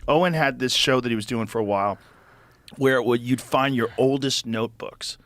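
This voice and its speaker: A man hosting a podcast, musing in relaxed, reflective chat. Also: medium pitch, brisk. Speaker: podcast host.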